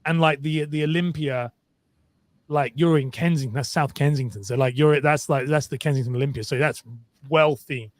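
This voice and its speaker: A man originally from Liverpool co-hosts a relaxed podcast, teasing his co-host and telling stories with plenty of laughter. His voice sits a bit high for a man. The sound is dry and close to the mic. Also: no room sound. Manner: chatty, teasing, quick to laugh. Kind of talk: casual chat.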